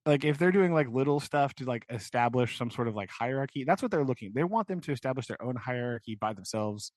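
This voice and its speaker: A man's voice: medium pitch, animated, fast talker, no room sound. A young man co-hosting a podcast, recapping a book in a rambling way, full of "like" and "right?". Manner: rambling, filler-heavy, keeps asking "right?". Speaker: podcast co-host. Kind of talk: casual book discussion.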